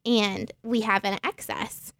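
A woman's voice: mid-range voice, steady tone, slow pace, fairly bright tone, no room sound. A woman playing an earnest climate advisor in a comic radio sketch, speaking in an official manner. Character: earnest female climate advisor to the North Pole.

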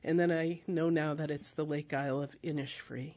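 An American woman telling a travel story in a casual, animated way, often laughing as she talks. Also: low voice, a little fast. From United States. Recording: dull lo-fi recording.

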